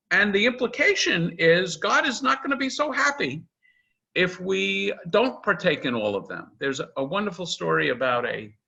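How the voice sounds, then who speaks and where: An older man, a rabbi, giving a chatty, animated informal lecture, quoting texts with frequent "uh"s. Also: mid-range voice. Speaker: rabbi teaching an intro class. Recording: dull lo-fi video-call audio.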